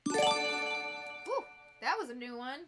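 A woman with a Northern US accent chatting casually on a live stream while she builds a fursuit, bubbly and quick to giggle as she talks to her viewers. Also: high-pitched, lively intonation, over loud music. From United States.

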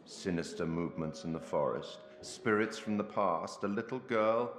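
An actor playing an enigmatic male curator in a video game, speaking in a measured, musing, theatrical way. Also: sits low, close to an everyday voice. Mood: brooding. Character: enigmatic older male curator, wry and sinister. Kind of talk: video game character dialogue. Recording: roomy reverb with music.

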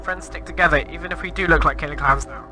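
A man's voice: a little high, fast, over music, poor audio. A man commenting on Minecraft gameplay in a flustered, exclaiming and rambling way. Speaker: gamer.

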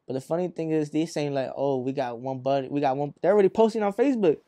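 A young man from Arizona tells a story in a loose, rambling way, full of swearing and acted-out quotes. His voice sits a little high but has a mellow, dark tone. The sound is close and dry. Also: fast talker, dry recording. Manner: rambling, profane, acts out quotes. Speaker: rapper guest. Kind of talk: casual interview storytelling.

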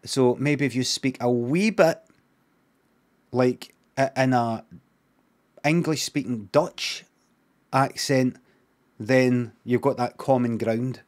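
A man's voice: mid-range voice, slow pace, pauses often. Rambling Scottish man commenting on a clip. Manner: rambling, repeats words while thinking aloud. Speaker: streamer.

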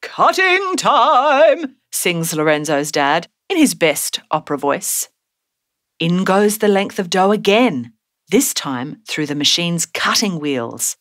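Woman, children's story narrator, slow and gentle, dry close sound. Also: fairly low pitch, no room sound.

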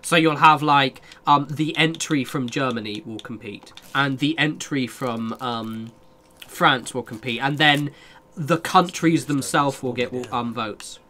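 Bright-voiced streamer, sweary. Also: male voice, mid-range voice, unhurried, few pauses. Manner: chatty, sweary, reads and answers chat. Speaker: game streamer. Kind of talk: casual live-stream chat with viewers.

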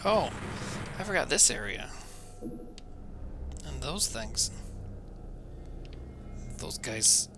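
A man's voice: mid-range voice, big pitch swings, very slow, pauses often, noisy background. A man streaming a video game, rambling to his chat in a self-mocking way while he plays. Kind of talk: casual gaming stream chat.

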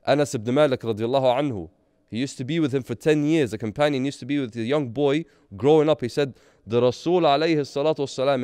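A man's voice: medium pitch, darkish tone, clear, resonant tone, no room sound, clean studio sound. A man giving a Friday sermon, earnest, asking rhetorical questions and mixing in Arabic phrases. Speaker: preacher.

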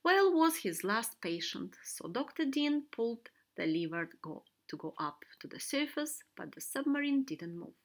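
A woman reading a children's picture book aloud, animated and sometimes dropping to a whisper. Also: a little high, moderate pace, hardly any pauses. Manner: animated, switching voices for characters, soft whispers. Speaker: storybook reader. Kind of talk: children's read-aloud narration.

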